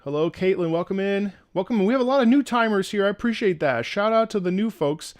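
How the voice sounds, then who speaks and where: A man's voice: high-pitched, lively intonation, fairly quick, no room sound. A man hosting a live music listening stream, chatting casually and animatedly, laughing often between fillers, from his home setup.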